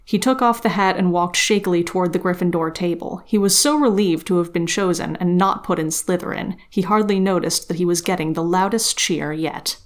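A woman co-hosting a podcast, reading a novel passage aloud and summarizing the chapter in a steady, expressive way. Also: on the low side, fairly quick, hardly any pauses. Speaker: podcast co-host.

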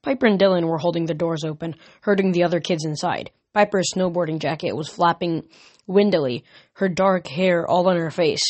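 A man reading a novel aloud as an amateur audiobook, steady with small slips. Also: fairly high pitch, fairly quick, no echo. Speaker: reader.

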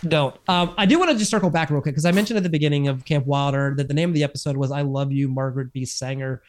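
Male co-host, slightly high voice, casual chatty recap with lots of fillers. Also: racing. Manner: animated retelling with many fillers and restarts. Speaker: podcast co-host. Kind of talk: casual chat recapping TV episodes.

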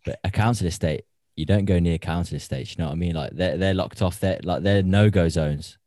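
A man's voice: low-pitched, a little fast, warm tone, dry recording, clean studio sound. A young man from Birmingham with a Birmingham accent, a podcast co-host chatting casually in slangy, laid-back talk full of fillers. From Birmingham, England. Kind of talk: casual banter among friends.

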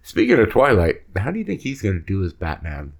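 Deep voiced guy on a podcast, laid back, rambly. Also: brisk, creaky. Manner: relaxed, rambling, trails off mid-sentence. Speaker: podcast co-host. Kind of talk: casual chat.

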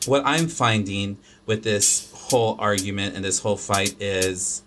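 A man with a fairly low voice hosts a podcast, speaking unhurriedly over background noise. It's casual, opinionated chat, and he talks through his views loosely and ramblingly, full of restarts and fillers.

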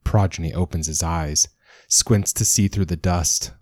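A man reading a dramatic story as narrator, in a measured storytelling manner. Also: low-pitched, darkish tone, dry recording, clean studio sound. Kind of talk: scripted narration.

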